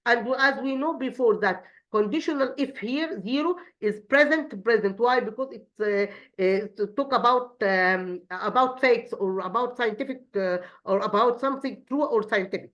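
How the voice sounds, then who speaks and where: A woman's voice: a little high, fairly bright tone. Woman, English teacher, hesitant with many fillers, slightly muffled lo-fi recording. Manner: halting, many fillers and restarts. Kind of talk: explaining a grammar lesson.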